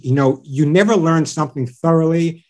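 A middle-aged man talks about dogs as an interview guest, full of enthusiasm. His voice sits a little higher than most men's, and he acts out pet owners and their dogs as he goes. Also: moderate pace. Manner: animated storyteller acting out owners and dogs. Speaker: pet show radio host and dog trainer, guest.

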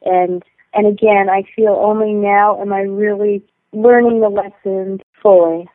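A woman guest calling in to a talk show, speaking in a tender, heartfelt, gently halting way. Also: mid-range voice, steady tone, no echo. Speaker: guest caller. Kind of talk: heartfelt radio call-in talk. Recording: tinny phone line.

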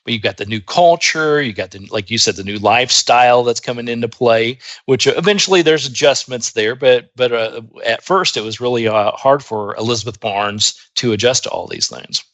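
Male host from the United States, mid pitch, loose and rambling, bright tone. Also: brisk, few pauses, no room sound. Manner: rambling, with many fillers and laughs. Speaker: interview host. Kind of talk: casual interview chat.

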